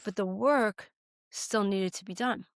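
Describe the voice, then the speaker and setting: A woman's voice: mid-range voice, a little slow, no echo, clean studio sound. Earnest American woman telling a story. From United States. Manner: earnest, heartfelt, gets choked up. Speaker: guest, political candidate. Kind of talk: personal storytelling in a podcast interview.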